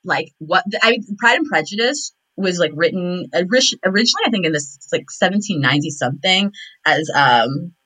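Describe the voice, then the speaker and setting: Lively, chatty young woman. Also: on the low side, fairly quick, poor audio. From United States. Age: young adult. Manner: chatty, lots of fillers. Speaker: podcast co-host. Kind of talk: casual chat.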